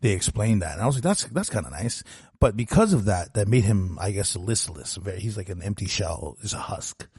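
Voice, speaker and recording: A man's voice: on the low side, a little fast, few pauses, a little mellow, breathy edge, no echo, clean studio sound. A man co-hosting a podcast, casually recounting movie scenes at length. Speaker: podcast co-host. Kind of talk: casual movie review chat.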